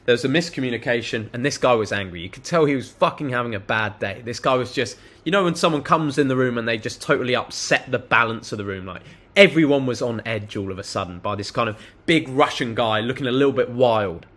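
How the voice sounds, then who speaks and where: Young man, blunt talker, mid-pitched voice, swears casually, vlog advice. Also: expressive, fast talker, a bit bright. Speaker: self-improvement vlogger. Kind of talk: direct-to-camera advice monologue.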